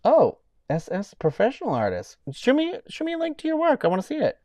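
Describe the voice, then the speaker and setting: A man's voice: very high-pitched, huge pitch swings, fairly quick, no echo. Rambling man on a live stream. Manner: rambling, self-interrupting, thanking donors warmly. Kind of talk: casual live stream chat.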